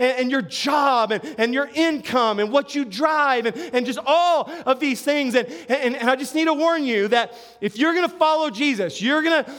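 A middle-aged man with a notably high voice preaches a sermon. He talks conversationally, telling stories with asides, restarts and quick check-ins with his listeners. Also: a bit bright. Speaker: pastor.

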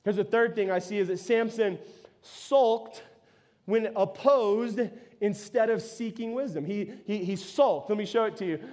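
A male pastor preaching a sermon in a lively, conversational way, full of quick restarts and asides. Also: sits high.

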